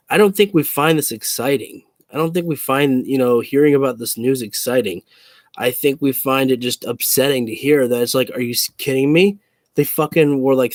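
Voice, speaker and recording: A man's voice: mid-range voice, dry recording. A man in a casual opinion rant to camera as a wrestling YouTuber, frustrated, swearing and repeating himself.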